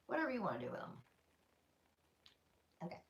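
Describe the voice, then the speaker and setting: An older woman with a Southern US accent, leading a gentle yoga class in a folksy, chatty way with playful asides. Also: on the low side, wildly swooping pitch, fairly quick. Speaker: yoga instructor. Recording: roomy, from a distance off-mic.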